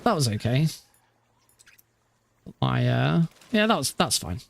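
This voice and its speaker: A man's voice: medium pitch, big pitch swings, slow, vocal fry, a little hiss or hum. A man casually commenting on his own speedrun practice, rambling and self-deprecating with lots of fillers and restarts. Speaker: speedrunner streamer.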